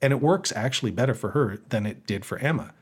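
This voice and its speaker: A man's voice: medium pitch, slightly rough. Chatty male podcast co-host. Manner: animated, joking, quick to riff. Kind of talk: casual chat.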